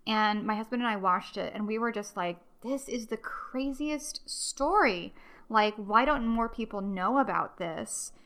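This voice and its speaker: A woman's voice: medium pitch, bright, forceful tone. A young adult woman from the United States hosting a casual solo history podcast, chatty and rambling, with many ums and restarts. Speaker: podcast host.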